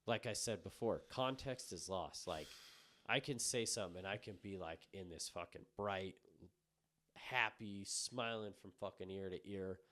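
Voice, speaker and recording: A very deep-voiced man in his thirties co-hosts a casual podcast chat. He talks bluntly and swears freely. He moves between low, quiet asides and sudden loud bursts. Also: moderate pace. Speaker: podcast co-host.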